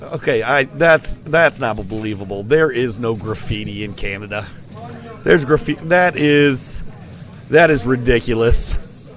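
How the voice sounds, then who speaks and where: A man's voice: medium pitch, lively intonation, a little slow, a bit bright. A man giving rambling, playful live commentary on a school esports match. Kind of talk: joking live game commentary.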